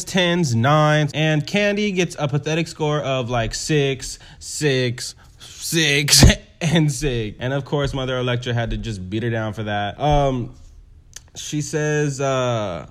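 A man hosting a casual recap of a TV episode, telling it in a sassy, profane, animated way. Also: fairly high pitch. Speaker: show recap host.

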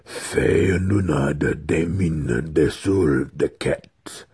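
A man's voice: extremely low pitch, very slow, a little mellow, slightly rough, no echo, studio quality, exaggerated voice. A man as a growling, bitter elf wizard. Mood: tense. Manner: tense, growling. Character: bitter, obsessive male dark elf wizard.

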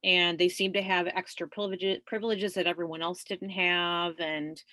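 Bright-voiced woman telling her story. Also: lowish voice, level tone, moderate pace, dry recording. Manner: chatty, laughs often, many fillers. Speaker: guest. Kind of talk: conversational storytelling.

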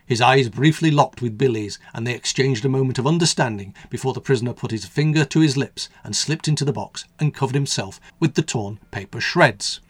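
Male radio storyteller, husky, wry, dry studio read. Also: mid-range voice, a little fast, few pauses, no echo. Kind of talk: storybook narration.

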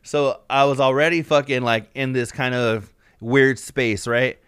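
A man's voice, smooth and resonant, recorded close and dry with no room sound. He co-hosts a podcast and spins loose, profanity-laced stories packed with fillers, in an easygoing chat. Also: mid-range voice, steady tone, unhurried, fairly bright tone, no echo. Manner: profane, rambling storytelling with lots of fillers. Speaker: podcast co-host. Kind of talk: casual chat.

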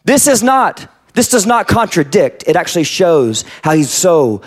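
A man's voice: high-pitched, big pitch swings, measured pace, hardly any pauses. A male pastor giving a conversational sermon, speaking the scripture he quotes in character.

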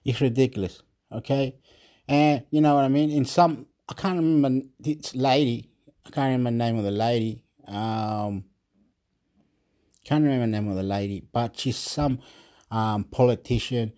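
A man's voice: mid-range voice, normal speed, dark tone. A man ranting in a rambling monologue. He keeps repeating himself, stumbles over words and laughs now and then. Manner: repetitive, stumbling, frequent laughs; agitated, exasperated rant.

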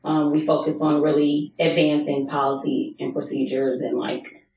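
Low-voiced chatty woman, roomy echo. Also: flat delivery, moderate pace, darkish tone, a little hiss or hum. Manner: chatty, long-winded storytelling. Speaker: podcast guest, policy advocate and realtor. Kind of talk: casual podcast chat. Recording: roomy echo, distant mic.

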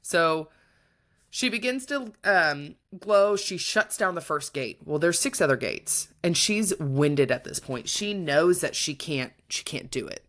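A woman's voice: sits low, a little slow. A woman co-hosting a book podcast, retelling a plot in casual chat with lots of feeling. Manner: animated, retelling plot with emotion. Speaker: podcast co-host.

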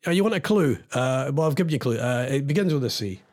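A man's voice: medium pitch, animated, quick pace, darkish tone. A Scottish man hosting a casual live-stream quiz as a radio DJ, teasing his listeners as he reads out their comments. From Scotland.

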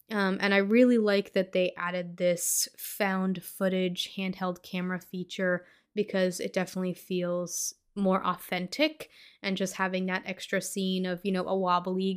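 A young woman at an everyday middle pitch talks through a horror film in a casual podcast recap. She is chatty and loose, full of fillers. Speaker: podcast host.

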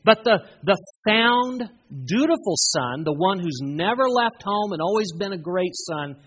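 A preacher giving a sermon, retelling a parable with emphatic, expressive storytelling and dramatic pauses. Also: medium pitch, slight background noise.

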